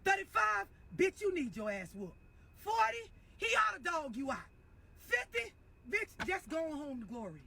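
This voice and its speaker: A woman's voice: very high-pitched, big pitch swings, normal speed, gravelly, pushed and bright. A middle-aged woman delivering a blunt, profane, mocking rant as an online commentator. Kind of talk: profane ranting monologue.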